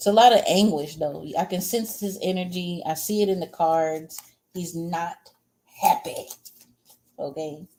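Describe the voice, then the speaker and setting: A woman's voice: on the low side, unhurried, warm tone, a little hiss or hum. A woman giving a casual livestream tarot reading. She rambles, answers viewer comments, and talks bluntly and crudely, with frequent chuckles between remarks. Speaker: tarot reader.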